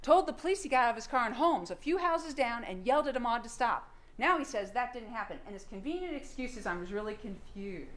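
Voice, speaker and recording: A woman's voice: a little high, animated, fast talker, a bit bright, reverberant. A woman prosecutor delivering a courtroom closing argument, firing pointed rhetorical questions at the jury.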